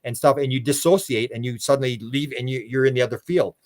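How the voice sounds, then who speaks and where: A man's voice: mid-range voice, steady tone, quick pace, a little mellow. An older man from Canada, a guest researcher in a casual interview, telling long rambling stories, repeating words and acting out voices he quotes.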